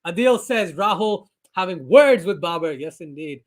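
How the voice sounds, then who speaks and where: Young man, high-pitched voice, live cricket watchalong host, chatty commentary, reads viewer comments, excited shouts. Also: moderate pace. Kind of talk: live commentary and chat reading.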